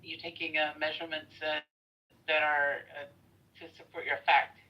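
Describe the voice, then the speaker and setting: A woman in a casual online debate, arguing with halting, stammering repeats. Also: low voice, little pitch movement, muffled recording.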